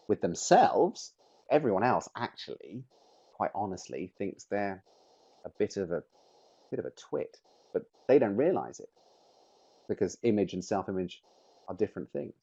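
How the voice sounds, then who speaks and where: A man's voice: lowish voice, mellow, slightly rough, lo-fi sound. A middle-aged man presenting a webinar, speaking with emphatic, shifting stress on key words. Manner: emphatic, varies stress on words to make points.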